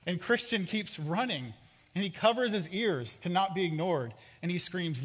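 A man who is a pastor, preaching a sermon with expressive, dramatic storytelling in a church sanctuary. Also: sits high, normal speed. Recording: reverberant hall.

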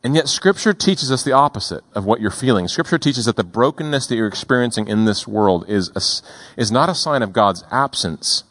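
A male pastor preaching a sermon in a deliberate, emphatic way, slowing down on key words. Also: mid-range voice, lively intonation, a bit bright.

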